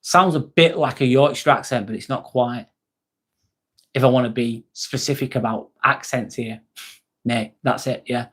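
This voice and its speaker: A livestream host from Northwest England speaks in a husky, fairly bright mid-range voice, keeping his intonation fairly even at a moderate pace. With his East Lancashire accent, he reads viewer comments in a laid-back, chummy chat, swearing freely and calling everyone mate.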